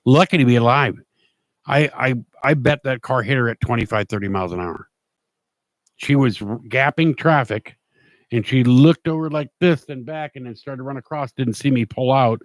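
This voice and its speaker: A man's voice: mid-range voice, moderate pace, no room sound. Plain-spoken man telling a story. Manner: rambling, restarts often, plain-spoken. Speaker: show host. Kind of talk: casual storytelling monologue.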